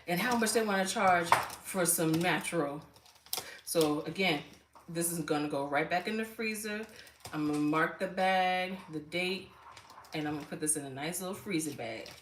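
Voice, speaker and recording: An older woman hosts a casual livestream from home, chatting straight to viewers on a phone camera. Her voice is on the low side and sits far from the mic, in an echoey room with faint noise.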